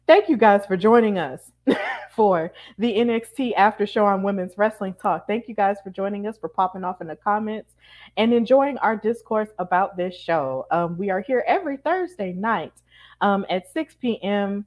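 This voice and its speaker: Woman host closing out the show, mid-pitch voice, laid back, lots of ums. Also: moderate pace. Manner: relaxed, uses many fillers. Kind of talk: casual show wrap-up.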